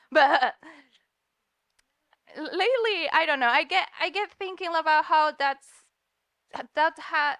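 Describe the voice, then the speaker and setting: In a lecture room in New York, a comic artist from Spain speaks as a guest at a university event, laughing frequently and slipping words in. She has a high, somewhat bright, clean voice, captured in a dry, clean studio-quality recording.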